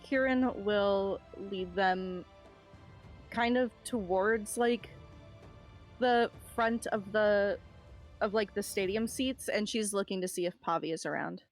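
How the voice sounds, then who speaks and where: A woman's voice: medium pitch, slow, faint music behind. A woman player in a tabletop game, talking in a chatty, self-mocking way. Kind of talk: casual tabletop game play.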